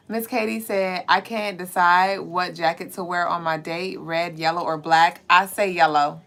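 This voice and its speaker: Woman, Southern accent, livestream host, casual chatty talk, playful and laughing, bright ringing voice. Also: lowish voice, fairly even intonation, a little slow. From Savannah, Georgia, US. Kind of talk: casual livestream chat reading viewer comments.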